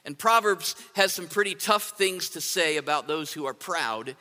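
A man's voice: on the high side, lively intonation, moderate pace, sharp tone. A man preaching a sermon in a conversational way, often asking "right?" to his listeners. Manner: conversational, asks rhetorical "right?". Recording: long hall reverb.

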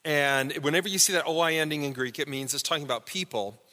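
A male pastor with a bright, ringing voice pitched a little high, preaching to his congregation in a relaxed, conversational way. He stops to quiz the pews with quick questions. His voice carries through a church sanctuary with a long echo. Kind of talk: sermon with Bible word study.

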